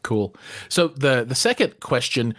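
A man's voice: mid-range voice, very animated, a little slow, a bit bright, no room sound. A man hosting an interview, enthusiastic, with stammering repeats as he asks questions. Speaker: interview host.

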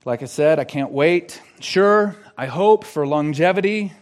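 An earnest male pastor preaching a sermon in a slightly higher-than-usual voice. He drops to a hushed tone for questions and lifts to emphatic declarations. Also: animated, moderate pace.

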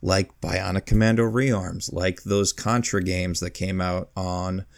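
A man's voice: low voice, little pitch movement, slow, creaky, slight background noise. A man co-hosting a casual podcast, rambling through long lists and chuckling mid-sentence. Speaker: podcast co-host. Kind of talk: casual podcast chat about video games.

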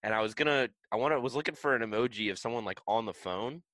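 A man's voice: mid-range voice, rapid-fire, a bit bright, dry recording. A young man co-hosting a podcast, chatting in an easygoing, wry way. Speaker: podcast co-host. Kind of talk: casual chat.

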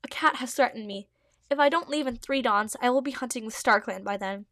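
A woman's voice: a little high, a little fast, a bit bright, no echo, clean studio sound. A woman voicing a loyal, earnest young male cat deputy, reading her own fanfiction aloud. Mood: sad. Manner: earnest, solemn declarations.

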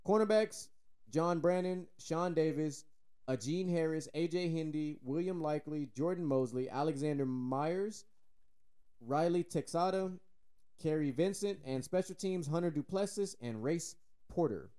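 A man with a Texan accent co-hosts a laid-back sports podcast, his voice sitting a little high for a man. He talks loosely and jokes around, with plenty of swearing. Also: a little slow, mellow, clean tone. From Texas. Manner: loose, joking, swears freely. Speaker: podcast co-host. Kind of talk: casual podcast chat.

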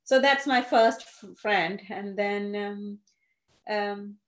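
A woman, a Gujarati speaker who tells her life story haltingly, with many fillers and restarts. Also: mid-range voice. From India (Gujarat). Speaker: interviewee. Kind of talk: personal storytelling. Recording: roomy echo.

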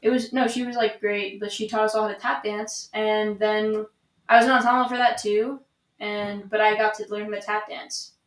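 A young woman chatting as a podcast guest, upbeat and slangy with easy laughter. Her mid-pitched voice rings out in a roomy space with clear echo. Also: flat delivery, moderate pace. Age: young adult. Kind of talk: casual chat.

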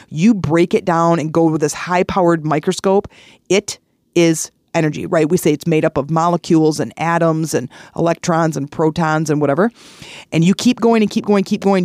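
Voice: medium pitch, a little mellow, no room sound. A middle-aged podcast host talks in a casual, earnest way and keeps circling back with repeated phrases and restarts. The voice sits mid-range and sounds close on the mic, with a dry, dead sound and no room around it. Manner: earnest, repetitive, chatty, with fillers and restarts. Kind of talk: casual motivational talk with personal stories.

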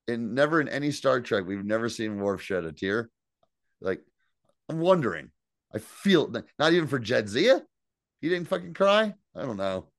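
Profane, animated man recapping an episode. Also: fairly low pitch, normal speed, no room sound, studio quality. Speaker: podcast co-host. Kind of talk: casual recap chat.

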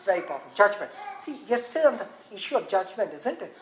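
Preaching a sermon from scripture at a quick pace, a woman swings from animated, emphatic peaks down to hushed, very low and quiet passages, repeating phrases and asking rhetorical questions. Faint background noise and echo fill the recording.

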